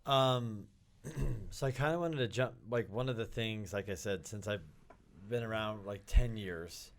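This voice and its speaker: Guy hosting a podcast, kinda low voice, halting and hesitant asking stuff. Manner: hesitant, searching for words. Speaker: podcast co-host. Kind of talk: casual interview.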